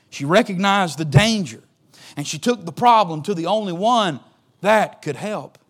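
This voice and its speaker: A male pastor with a high-pitched voice delivers a sermon. He moves between hushed, low stretches and loud, shouted exhortation, and calls on the congregation to answer him. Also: lively intonation, measured pace. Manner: swings from soft and low to loud shouted preaching.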